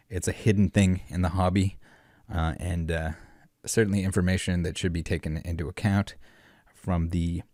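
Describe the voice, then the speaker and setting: A man's voice: low voice, dry recording, studio quality. A man hosting a collectibles commentary vlog, rambling and sarcastic with many filler words. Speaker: collectibles channel host.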